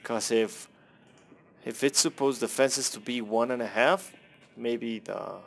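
A man's voice: medium pitch, slow pace, creaky, pauses often, slight background noise. A young man casually commenting on his own gameplay, rambling, self-deprecating and swearing at the game.

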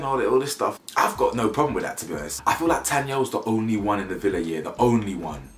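A man's voice: on the low side, brisk, reverberant. Slangy man recapping reality TV. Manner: animated slang-heavy banter, mocking impressions. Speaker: reality show reviewer. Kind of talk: casual opinionated recap.

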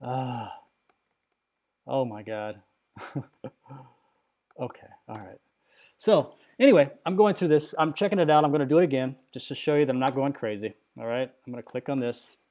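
A man's voice: medium pitch, fast, darkish tone. A middle-aged man narrating a screen recording, agitated and rambling as he talks straight to his viewers with lots of "okay?" and "right?". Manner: frequent tag questions and fillers. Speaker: computer user demonstrating a software crash.

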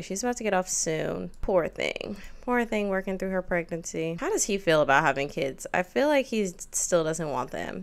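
A young woman giving casual gameplay commentary, chatting quickly and scolding the game characters in exasperation, with swearing, laughs and sighs. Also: lowish voice, vocal fry, clean tone. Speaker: gaming YouTuber.

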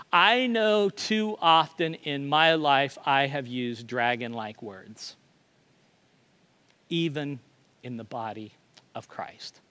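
A man's voice: mid-range voice, lively intonation, slow pace, pushed and bright. A male pastor preaching a sermon in a confessional, self-deprecating way, often stammering and restarting.

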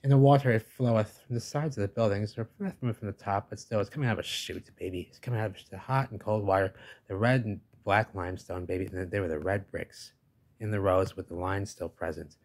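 A man's voice: on the low side, fairly quick, a little mellow. A man narrating over pictures in a rambling way, often tacking on "baby" and "give me a break," and he says he is losing his voice. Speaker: video host.

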